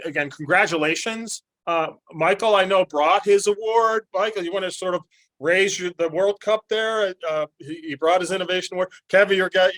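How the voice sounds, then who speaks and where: A man's voice: a little high, fairly bright tone. A man hosting a webinar, wrapping up questions and closing remarks in a wordy, meandering, folksy way over a video call. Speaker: webinar host.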